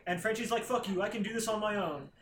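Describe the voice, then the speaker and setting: A man's voice: high-pitched, fast talker, fairly bright tone. A man on a podcast casually recapping a comic plot, rambling and swearing, acting out characters' lines. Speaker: podcast co-host. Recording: roomy echo.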